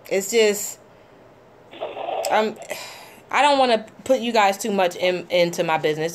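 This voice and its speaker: A middle-aged woman hosting a call-in show, talking in a heartfelt, halting way with many ums. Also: mid-range voice, a little hiss or hum. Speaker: host. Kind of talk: casual call-in show talk.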